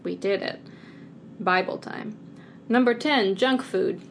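A woman's voice: mid-range voice, creaky, a little hiss or hum. A woman co-hosting a podcast, leading a word game in a playful, laughing way. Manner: playful, quick to laugh, bossy game-leader tone. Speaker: podcast co-host. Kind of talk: casual chat over a word game.

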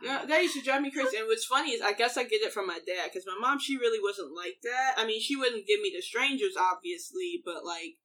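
A young woman in relaxed conversation with friends, her slightly high voice bright and clear. She explains things patiently and laughs easily. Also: brisk, few pauses. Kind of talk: casual chat.

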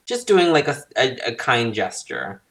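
A man hosting a podcast in casual chat, halting and searching for words with many "like" fillers. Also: medium pitch, wildly swooping pitch, a bit bright. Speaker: podcast host.

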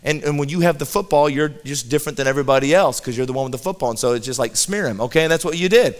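A man telling a comic story to an audience in an animated way, often repeating a word as he starts a sentence. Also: fairly high pitch, racing.

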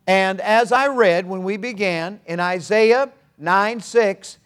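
A man's voice: sits high, takes it slowly, a bit bright, smooth. An older man preaching a sermon in a folksy, earnest way, with humorous asides. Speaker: pastor.

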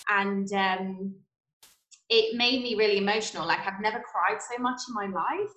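A woman's voice: mid-range voice, moderate pace, a bit bright, echoey room, rough recording. A woman chiropractor answering interview questions, earnest and explanatory. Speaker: chiropractor guest.

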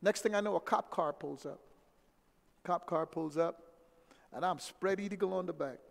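Middle-aged man, high and gravelly, emphatic storyteller recorded in a reverberant hall. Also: moderate pace. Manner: animated, emphatic, repeats key phrases. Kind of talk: personal storytelling. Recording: echoey hall with long reverb.

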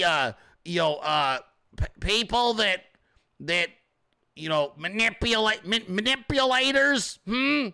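A man hosting his own livestream show, ranting fast and profanely in an ad-libbed style, sometimes shouting as he acts out scenarios. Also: high-pitched, vocal fry, clear, resonant tone. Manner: rapid, profane, animated ranting; shouts when acting out scenarios. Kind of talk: ad-libbed political livestream rant.

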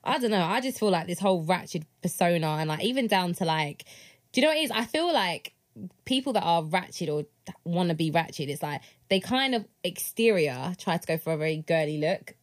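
A young woman, co-hosting a casual podcast and acting out quotes with big jumps in her voice. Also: brisk. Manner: animated, acts out quotes with big pitch jumps. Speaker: podcast co-host. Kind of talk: casual chat.

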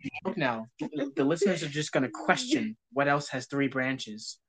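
A man co-hosting a casual podcast, teasing the others with quick deadpan quips. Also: mid-range voice, crowd noise. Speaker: podcast co-host. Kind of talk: casual comedic chat.

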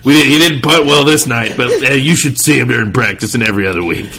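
A man co-hosting a sports podcast in casual chat, jokey and quick to laugh. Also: mid-range voice, gravelly. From North Carolina. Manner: animated, laughs often, jokey. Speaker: podcast co-host.

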